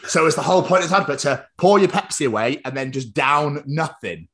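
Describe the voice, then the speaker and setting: A man's voice: fairly high pitch, expressive, brisk, a bit bright. Rambling, sweary man. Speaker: podcast host. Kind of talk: casual chat.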